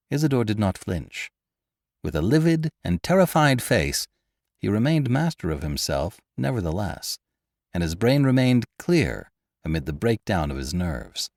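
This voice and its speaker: A man narrating a classic adventure story in an expressive, dramatic way, as host. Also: lowish voice, measured pace, no echo, clean studio sound. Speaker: audiobook narrator and podcast host.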